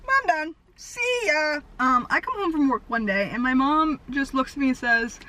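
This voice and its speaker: A woman in her twenties, a vlogger rambling through stories in casual chat, talking fast and animated with lots of "like", recorded in a car. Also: high-pitched, rough recording. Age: 20s. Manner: fast, animated storytelling with frequent "like". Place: parked car.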